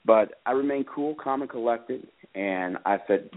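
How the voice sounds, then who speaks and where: A man calling in to a radio show, telling his own story in an earnest, halting way with many fillers. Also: medium pitch. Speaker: father calling in about his case. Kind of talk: personal account on a call-in radio show. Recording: tinny phone line.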